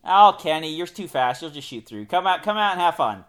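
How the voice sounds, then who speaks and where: A man co-hosting a casual podcast chat, enthusiastic and joking, often trailing off quietly at the ends of sentences. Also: a little high, big pitch swings, a little fast. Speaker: podcast co-host.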